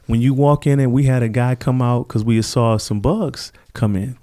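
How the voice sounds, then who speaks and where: A man's voice: medium pitch, normal speed, few pauses, dark tone. A middle-aged man, a podcast guest, telling stories earnestly and reflectively, acting out the people he quotes. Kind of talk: conversational interview storytelling.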